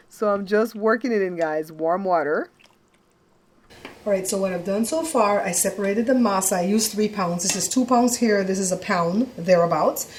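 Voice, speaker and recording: A middle-aged woman hosting a home cooking show, chatting casually to her viewers as she works in the kitchen and often checking in with them. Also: mid-range voice. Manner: chatty, talks straight to viewers with frequent checks like "okay?".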